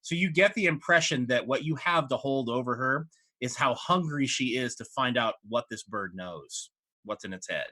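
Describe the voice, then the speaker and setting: A man narrating a tabletop game as game master, in an animated storytelling manner. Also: mid-range voice, moderate pace.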